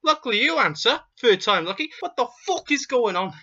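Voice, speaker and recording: A man's voice: very high-pitched, very animated, a little fast, sharp tone, highs cut off, full character voice. Man doing a sweary Scouse crook. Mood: ranting. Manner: constant swearing, ranting, refers to himself by name. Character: foul-mouthed grumpy Liverpudlian crook Steve.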